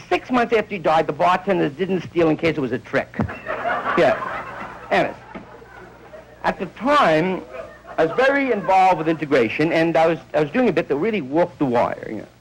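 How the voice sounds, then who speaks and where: A man's voice: a little high, creaky, slight background noise, low-quality recording. A man doing a rambling stand-up comedy monologue, telling stories and acting out bits of dialogue.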